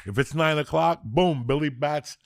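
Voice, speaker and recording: A middle-aged man hosting a podcast, telling a story in a casual, profane, animated way. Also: fairly high pitch, moderate pace, gravelly. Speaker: podcast host.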